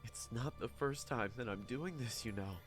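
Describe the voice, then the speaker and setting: A man voicing a calm, psychotic male serial killer who speaks coldly and mockingly. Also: mid-range voice, normal speed, faint music behind, natural voice. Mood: menacing.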